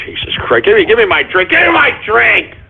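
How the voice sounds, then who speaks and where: A man hosting a raucous comedic radio show, his husky voice riding high and leaping all over the place. He rants and swears, breaking into shouted apologies again and again. The sound is thin and tinny, like a phone line. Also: animated, normal speed. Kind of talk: comedic call-in radio rant.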